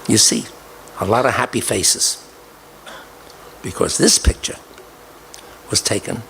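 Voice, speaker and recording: An older man recounting a personal story, deliberately repeating key details for emphasis. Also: on the low side, creaky, fairly bright tone, a little hiss or hum, rough recording. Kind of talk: storytelling speech.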